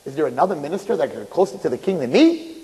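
A man's voice: fairly high pitch, sing-song, fast talker, mellow. A man voicing a boastful, self-important government minister. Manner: bragging, pushy. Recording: echoey hall.

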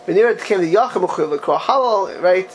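A man with a high voice for his sex leads a text-study class. He reads passages aloud and keeps asking the students rhetorical questions with lively energy. Faint room sound sits under his voice. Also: moderate pace, a little hiss or hum. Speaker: teacher of a religious text class.

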